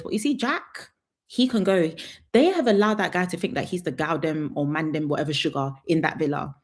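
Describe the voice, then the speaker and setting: A woman's voice: lowish voice, animated, a little fast, darkish tone. A young woman, chatting sassily through a live reality TV review and laughing often.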